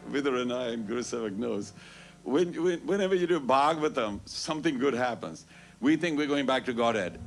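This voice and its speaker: A man tells a story at a temple Sunday program, animated and full of "you know", quoting others back and forth. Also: mid-range voice. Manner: animated, quotes others in dialogue, frequent "you know" and "I goes". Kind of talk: casual storytelling announcement. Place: temple hall.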